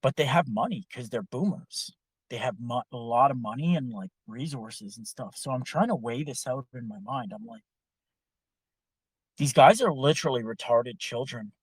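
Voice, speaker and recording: A man's voice: mid-range voice, normal speed, breathy edge, no echo. A man tells a rambling story with plenty of swearing and exasperation in a mid-range voice. The sound is dry, with no room around it. He talks casually, like a podcast host.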